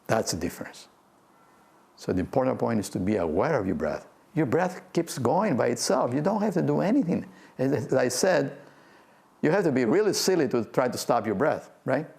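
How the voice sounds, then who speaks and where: An older man, a physics professor, gives a gentle, playful guided talk on breath meditation and laughs often. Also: mid-range voice, big pitch swings, moderate pace, creaky. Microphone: video talk to a remote audience.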